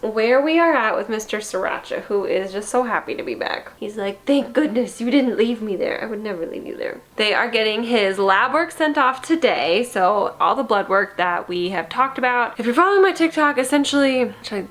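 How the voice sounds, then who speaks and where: A woman's voice: expressive, normal speed, few pauses, fairly bright tone. Chatty young woman vlogging about her foster cat. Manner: chatty, laughs often, coos at the cat in a high baby voice. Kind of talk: casual vlog chat. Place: home and car. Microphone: phone camera.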